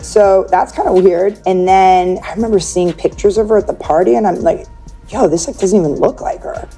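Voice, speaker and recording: Mellow-voiced woman telling a story. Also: mid-range voice, normal speed, breathy edge, soft background music. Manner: chatty, peppered with "like", acts out quoted speech. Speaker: interview guest. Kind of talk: casual storytelling in an interview.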